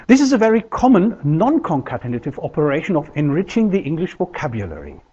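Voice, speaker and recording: Guy giving a uni lecture, kinda high husky voice, slow careful explaining, muffled lo-fi sound. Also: a little mellow. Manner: measured, explanatory, deliberate pauses. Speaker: linguistics lecturer. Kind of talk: recorded university lecture. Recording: dull lo-fi lecture recording.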